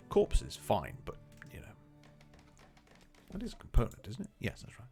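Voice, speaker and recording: A man's voice: lowish voice, wildly swooping pitch, moderate pace, creaky, darkish tone, faint music behind. A man streaming a colony game, rambling casually and chatting to his characters and viewers. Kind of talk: casual live gameplay commentary.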